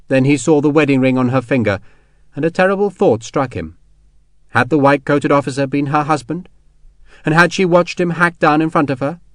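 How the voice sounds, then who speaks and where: A male narrator reads a scripted adventure novel aloud at a steady, measured storytelling pace. The mid-range voice comes through with no echo, in studio quality.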